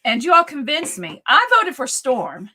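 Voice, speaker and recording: A woman's voice: sits high, big pitch swings, moderate pace, pushed and bright, husky. A woman co-hosting a live chat show, chatting and reading out viewer questions. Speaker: co-host.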